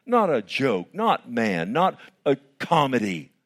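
A man's voice: medium pitch, wildly swooping pitch, takes it slowly. A male pastor preaching a sermon, asking rhetorical questions and calling the listeners "loved one".

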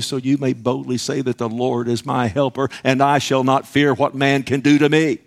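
A man's voice: mid-range voice, flat delivery, normal speed, gravelly, hardly any pauses. A man preaching a sermon, emphatic and conversational, often asking the congregation "Amen?" and acting out little dialogues.

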